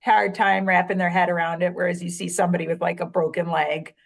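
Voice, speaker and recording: A woman's voice: on the low side, fast, creaky. A woman from Chicago chatting casually as a podcast guest, candid and wry, with many fillers and frequent profanity. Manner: quotes others in animated voices. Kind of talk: casual conversation.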